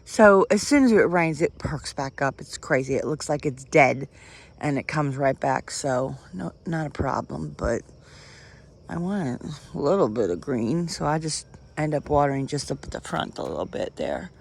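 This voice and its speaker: Holding the camera close to her face, a vlogger with a low, creaky voice and lively intonation chats and rambles at normal speed while doing yard work outdoors. She laughs often and gets out of breath at times, with slight background noise.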